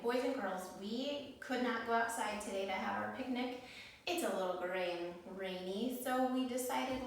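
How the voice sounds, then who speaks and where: A woman, a preschool teacher and mother, reading a story aloud to children in a gentle, expressive way, at home indoors. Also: medium pitch. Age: adult, mother. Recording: echoey room, mic far off.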